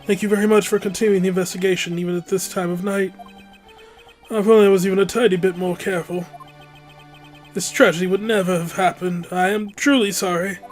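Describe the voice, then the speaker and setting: A smug, scheming older diplomat who speaks with silky, condescending courtesy , as a let's player puts him on. His politeness is layered over quiet game music. He sounds sure he holds all the power. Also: medium pitch, fairly even intonation, brisk, lightly acted. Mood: smooth. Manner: smooth, condescending, overly polite. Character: pompous scheming older male ambassador. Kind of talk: let's-play voice acting of game text.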